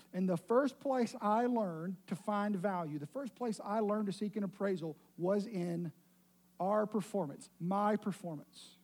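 Brief: middle-aged male pastor, high pitch, mellow tone, storytelling sermon with light humor. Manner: storytelling, self-deprecating humor.

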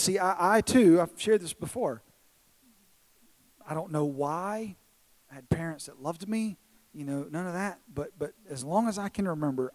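A man's voice: a little high, poor audio. A man in his thirties who is a pastor, preaching from a church stage in an earnest, self-deprecating storytelling way, often restarting his words. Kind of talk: sermon.

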